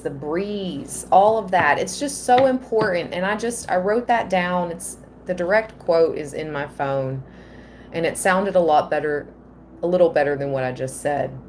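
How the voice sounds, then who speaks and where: A woman giving a live tarot reading, slow and earnest, at times emotional. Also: fairly low pitch, darkish tone, slight background noise. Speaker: tarot reader.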